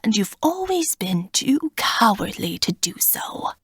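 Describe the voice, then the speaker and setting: Woman whispering as a raspy old dragon god, whispered role-play. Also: mid-range voice, very animated, measured pace, no room sound, studio quality. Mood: taunting. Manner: taunting, contemptuous.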